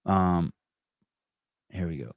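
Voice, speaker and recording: Deep-voiced, profane podcast host. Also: male voice, slow pace, creaky, no echo, phone-quality sound. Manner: rambling, profane, wry. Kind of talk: casual livestream chat.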